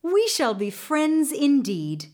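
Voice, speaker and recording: Earnest young storybook hero, a woman reading, bright-eyed and eager, slow. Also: high-pitched, sing-song, pitched above the performer's own voice, full character voice. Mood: pleased. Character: young man, kind-hearted and easily startled. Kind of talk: storybook narration.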